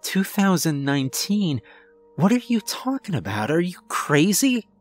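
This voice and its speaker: A man's voice: high-pitched, sing-song, unhurried, soft background music, pitched above the performer's own voice, exaggerated voice. A man voicing a frightened, confused young woman, speaking urgently with rising panic. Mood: panicked.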